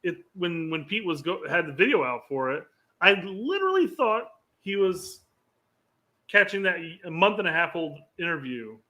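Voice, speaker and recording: A man's voice: high-pitched, very animated, normal speed, pushed and bright, dull audio. A man co-hosting a casual soccer podcast. He speaks in a laid-back way and often restarts his sentences. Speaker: podcast co-host. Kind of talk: casual soccer commentary chat.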